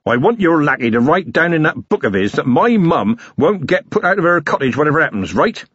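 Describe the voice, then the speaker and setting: A belligerent young village blacksmith with rough country grammar, as a man reading the story plays him. He sounds slightly husky and keeps a defiant edge. The recording is dull and dry. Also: fairly high pitch, big pitch swings, fairly quick, a bit bright, dry recording, pitched above the performer's own voice, exaggerated voice.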